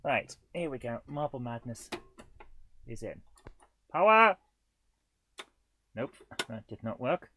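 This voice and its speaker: A man's voice: mid-range voice, sing-song, slow pace, pauses often, bright, forceful tone, a little hiss or hum. A man in his forties hosts a live retro gaming show, chatting casually in a rambling, self-deprecating way with chuckles. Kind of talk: casual livestream chat.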